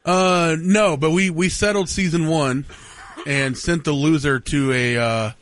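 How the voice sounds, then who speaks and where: A man's voice: on the high side, a little slow, dry recording. A man co-hosting a sports talk show, riffing jokes in casual studio banter. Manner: jokey, riffing on bits. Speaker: radio show co-host.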